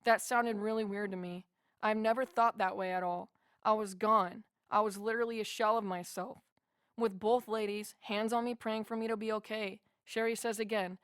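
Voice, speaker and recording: A woman's voice: medium pitch, steady tone, moderate pace, smooth, no room sound. Woman reading her own life story, heartfelt, super dry close sound. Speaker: audiobook narrator. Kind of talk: first-person memoir narration.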